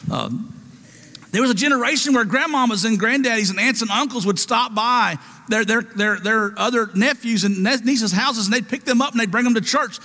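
Male preacher, high bright voice, emphatic call-and-response delivery, churchy reverb. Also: animated, a little fast. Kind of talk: sermon.

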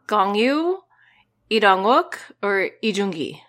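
A woman's voice: medium pitch, sing-song, slow pace, fairly bright tone. A woman co-hosting a casual podcast chat, dramatic, sighing and stammering as she thinks aloud. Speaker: podcast co-host.

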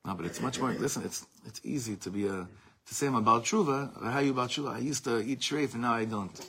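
A man's voice: mid-range voice, quick pace, fairly bright tone, slight background noise. A man teaching a religious class, reading lines from a Hebrew source, explaining them in English and stressing points by repeating words. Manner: impassioned, repeats words for emphasis. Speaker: Torah teacher.

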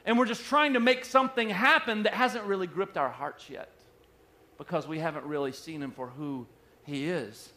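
Male pastor, higher voice, sermon delivery with soft-to-loud swings. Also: normal speed.

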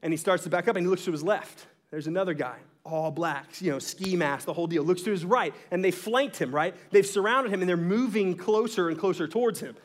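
High-voiced man preaching. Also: quick pace, hardly any pauses. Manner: animated storyteller, asks "right?" often, laughs mid-story. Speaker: pastor. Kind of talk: sermon with storytelling.

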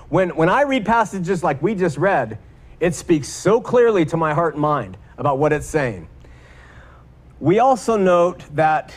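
Emphatic man preaching a sermon. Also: on the high side. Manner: emphatic, repeats words for stress, slows for key points.

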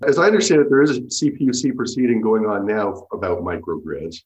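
Low-voiced man on a dull line. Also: darkish tone. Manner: thinking aloud, halting with restarts. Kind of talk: conversational interview.

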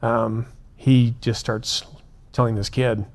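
A man, a prison minister and guest, telling a story in an earnest, animated way and acting out the dialogue. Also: mid-range voice, takes it slowly. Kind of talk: conversational storytelling.

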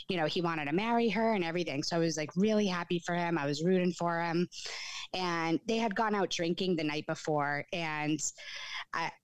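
A woman with a somewhat low voice recounts a painful family story to a panel, talking freely and casually. She fills her speech with "like" and "you know" as she goes. The sound is dry and close, with no room echo. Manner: chatty, fillers of "like" and "you know"; storytelling with lively retelling. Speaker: panel guest, grieving sibling. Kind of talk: personal account in a panel conversation.

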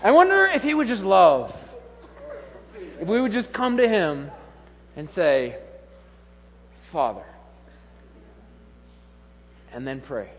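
A man's voice: high voice, big pitch swings, measured pace, pauses often, fairly bright tone, a little hiss or hum. A man in his thirties preaching a humorous, conversational sermon with laughing asides. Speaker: pastor. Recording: long hall reverb.

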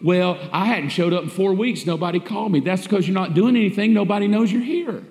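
High-voiced pastor preaching in an echoey hall. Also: male voice, a little fast, a little mellow. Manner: emphatic, repetitive preaching with rhetorical questions. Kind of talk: sermon. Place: church sanctuary.

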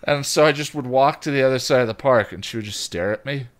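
A young man co-hosting a podcast, rambling through anecdotes in casual chat and sometimes jumping into a squeaky voice to play a toddler. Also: quick pace. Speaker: podcast co-host.

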